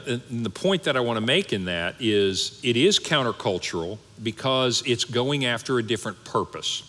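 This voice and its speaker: A man who is a pastor, preaching a conversational, animated sermon with asides. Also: mid-range voice, big-room sound.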